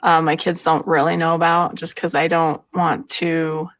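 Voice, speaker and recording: A woman in a reality show clip speaking in a slow, halting, giggly way. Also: deep voice, flat delivery, no echo. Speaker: reality show cast member.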